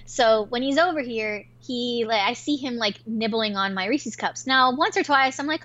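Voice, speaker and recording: Bright-voiced woman telling a fired-up story. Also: fairly high pitch, muffled recording. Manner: animated, profane, quick-tempered storytelling. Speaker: podcast co-host. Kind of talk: casual podcast chat.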